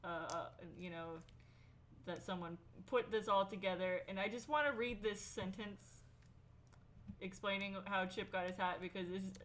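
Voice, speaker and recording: A woman's voice: medium pitch, moderate pace, a bit bright, a little hiss or hum. A woman in casual podcast chat, giggly, reading aloud with filler words. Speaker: podcast co-host.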